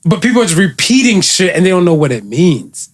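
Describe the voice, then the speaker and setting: A male podcast co-host with a somewhat raised pitch who tells stories in a relaxed, joking way. His delivery is loose and conversational. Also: fairly quick. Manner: laid-back storytelling, joking. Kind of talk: casual podcast chat.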